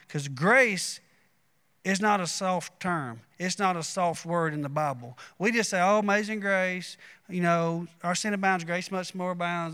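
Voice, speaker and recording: A man's voice: high-pitched, bright, forceful tone, clean tone, long reverb tail. A man, preaching a sermon in a folksy, conversational way with asides to the congregation. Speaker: pastor.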